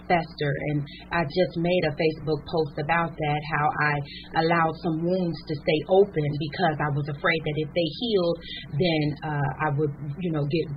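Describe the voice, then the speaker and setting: A woman guest offers faith encouragement in a fervent, exhorting manner that swells into preaching. Her voice sits low. The audio is muffled lo-fi, with a faint hiss. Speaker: ministry founder, guest. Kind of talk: faith encouragement in a podcast interview.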